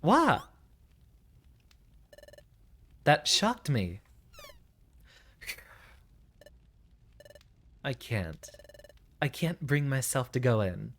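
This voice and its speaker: Brief: man doing a timid young creature hero, nervous and hesitant, very animated pitch. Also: a little slow, slight background noise. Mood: discouraged. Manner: nervous, hesitant, self-doubting. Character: timid young male creature hero, cowardly but hopeful.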